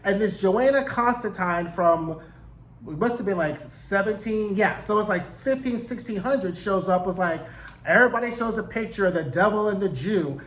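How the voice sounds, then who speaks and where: A man giving a casual, slangy recap and review of a TV show, animated and full of profanity. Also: high-pitched, normal speed, reverberant.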